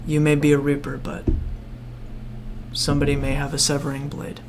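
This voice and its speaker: A game master doing a weary, soft-spoken protective man. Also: medium pitch, completely flat delivery, moderate pace, background noise, lightly acted. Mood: grave. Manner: soft, hushed, heavy-sighing. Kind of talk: role-play in a tabletop game.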